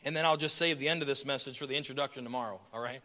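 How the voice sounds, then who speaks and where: Bright-voiced preacher swinging loud to hushed. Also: male voice, medium pitch, rapid-fire. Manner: dramatic swings from loud emphasis to hushed tones. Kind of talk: sermon.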